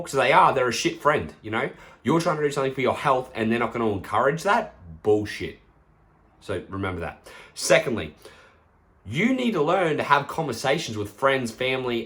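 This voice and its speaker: A man's voice: medium pitch, fairly bright tone. A young man hosting a casual solo podcast as a personal trainer, talking bluntly and swearing freely. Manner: blunt, swears freely, acts out friends' lines.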